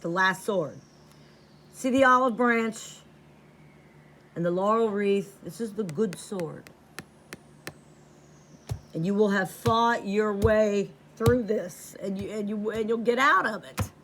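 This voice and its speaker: A woman's voice: mid-range voice, slow pace, long pauses, slight background noise. A woman giving a tarot reading to camera, blunt and profane, repeating lines for emphasis. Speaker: tarot reader.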